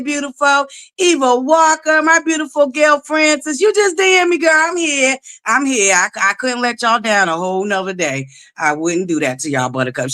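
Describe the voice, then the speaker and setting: A woman hosting a casual live stream, greeting her viewers in a sing-song way and talking sassy with plenty of swearing. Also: deep voice. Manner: sassy, animated, calls out rivals with profanity. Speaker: livestream host.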